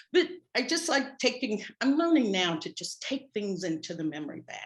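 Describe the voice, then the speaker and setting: A middle-aged woman, a spiritual practitioner, telling a personal story to her congregation in an animated, wry way. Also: fairly high pitch, moderate pace.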